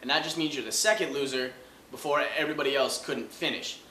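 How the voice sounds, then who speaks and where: A man hosting a comedy show, riffing loudly on sports with mocking asides. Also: medium pitch, fast talker, roomy sound, a little hiss or hum. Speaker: host.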